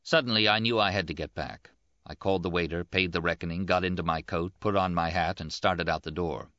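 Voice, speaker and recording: Deep-voiced man narrating an audiobook. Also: steady tone, bright, forceful tone, no echo, highs cut off. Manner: plain, measured first-person reading.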